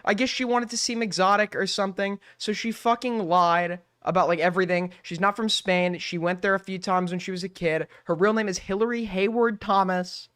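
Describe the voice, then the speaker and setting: A man's voice: sits high, fairly even intonation, fairly quick, few pauses, a bit bright, clean tone, no echo, clean studio sound. A man hosting a stream, ranting in an incredulous, profane tone and repeating his points. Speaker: streamer host. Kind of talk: ranting commentary.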